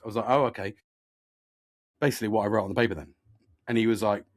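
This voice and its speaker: A man's voice: medium pitch, fast, pauses often, dry recording, studio quality. A man on a casual podcast, telling a story and venting with lots of swearing. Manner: animated, swears a lot, rising to loud exasperated rants. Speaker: podcast host.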